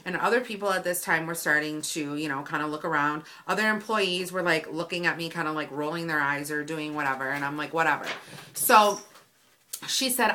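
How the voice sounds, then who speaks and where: A woman's voice: mid-range voice, normal speed. A woman vlogger telling a story in a casual, exasperated rant, acting out both sides of the conversation. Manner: animated, exasperated retelling with quoted dialogue.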